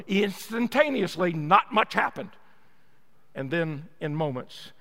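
A man's voice: high voice, a bit bright, long reverb tail. A man preaching a sermon, telling a story with emphatic energy.

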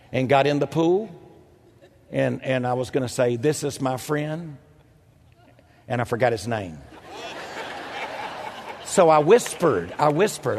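Older man, husky pastor, lively swooping delivery, long hall reverb. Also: slight background noise. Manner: animated, self-mocking, jumps into loud high quoted voices. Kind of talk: storytelling sermon. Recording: echoey hall.

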